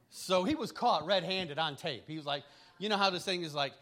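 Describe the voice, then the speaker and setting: A middle-aged man delivers a sermon in a loose, conversational way, leaning on homespun stories about his family. His voice sits a touch high for a man, and he chuckles easily, often restarting his sentences as he goes. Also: normal speed, fairly bright tone. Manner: folksy, chuckling storyteller with frequent restarts. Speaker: preacher.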